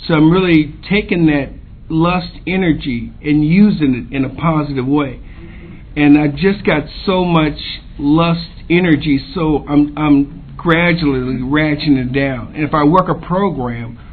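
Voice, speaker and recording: A man sharing his recovery story at a convention, halting with pauses and fillers. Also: on the high side. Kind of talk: personal recovery share. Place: convention meeting room. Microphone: podium microphone. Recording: tinny lo-fi tape with faint hiss.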